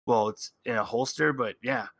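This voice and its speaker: A man narrating a tabletop game as game master, describing scenes in halting bursts with frequent restarts. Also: medium pitch, gravelly, a bit bright, no room sound.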